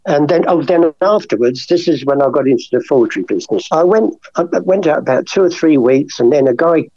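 An older man tells his stories with energy and acts out every voice. His tone is dark, husky and dry, and the recording is a little dull. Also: mid-range voice, no echo. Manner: lively anecdotal, acts out dialogue. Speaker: guest, former art forger. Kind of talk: storytelling interview.

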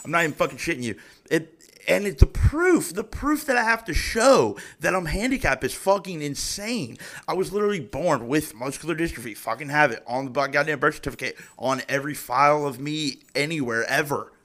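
A man's voice: fairly high pitch, lively intonation, brisk, a bit bright. A man in his thirties hosting a podcast, ranting heatedly and swearing constantly, with frequent restarts. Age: 30s. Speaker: podcast host. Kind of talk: profane casual rant.

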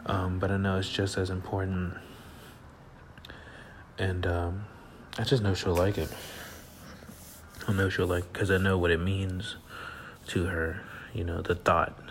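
Man, late-night solo podcast host, low voice, sleepy, loose rambling delivery, faint hiss behind. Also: level tone, a little slow, pauses often. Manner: rambling, laid-back, laughs often, trails off with fillers. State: sleepy, yawning. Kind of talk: casual solo podcast monologue. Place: at home at night.

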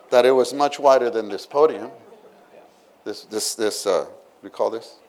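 A man preaching a sermon, retelling a story with lively acted-out exclamations and asides to the listeners. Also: medium pitch, a little slow. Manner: animated storytelling, acts out scenes with exclamations.

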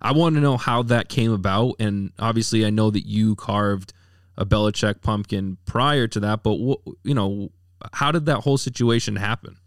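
Guy interviewing someone, low-ish voice, dry close sound, keeps it encouraging. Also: moderate pace, no room sound. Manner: supportive, short acknowledgements. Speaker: interviewer host. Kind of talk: casual interview questions.

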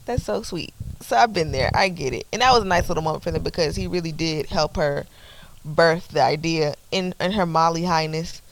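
Woman co-host, creaky gravelly voice, animated and loose, swears a lot. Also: deep voice, a little fast, poor audio. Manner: animated, swears freely, acts out characters' lines in a raised voice. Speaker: podcast co-host recapping a TV episode. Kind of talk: casual chat.

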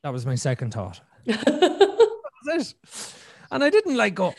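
Lively, expressive man hosting a podcast. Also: high-pitched, moderate pace, long pauses, no room sound, clean studio sound. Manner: animated, repeats words, acts out his own thoughts. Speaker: podcast host. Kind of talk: casual conversation.

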